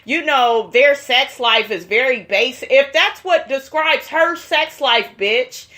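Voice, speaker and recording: A woman putting on the voice of an indignant, bossy young woman friend who gets shrill and insistent. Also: takes it slowly, bright, forceful tone, full character voice. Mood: snippy.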